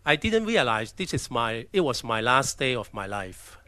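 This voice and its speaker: A man from China, telling his personal story as a missionary in a halting way, often restarting his sentences. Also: medium pitch, very animated, pushed and bright, a little hiss or hum. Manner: halting, with restarts and acted-out quotes. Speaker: missionary speaker. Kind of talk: personal testimony talk with slides.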